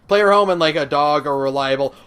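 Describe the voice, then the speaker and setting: A man's voice: a little high, brisk, fairly bright tone, clear, resonant tone, soft background music. A man co-hosting a podcast in casual chat, rambling with many fillers and swearing freely. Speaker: podcast co-host.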